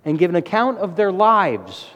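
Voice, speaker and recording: A middle-aged man preaching a sermon with emphatic delivery, his voice rising to loud exclamations. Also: sits high, sing-song, normal speed, lo-fi sound. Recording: long hall reverb.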